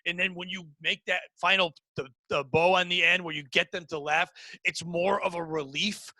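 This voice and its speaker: A man hosting a podcast, talking shop about comedy in a casual, profane, animated way. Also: high voice, moderate pace, no room sound. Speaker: podcast host. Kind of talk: casual chat.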